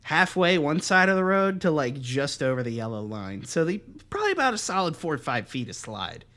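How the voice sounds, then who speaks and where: A young man co-hosting a podcast, telling a story in casual, profane chat and acting out the other voices loudly. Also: on the high side, fairly quick. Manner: animated, profane, acts out quoted voices loudly. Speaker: podcast co-host.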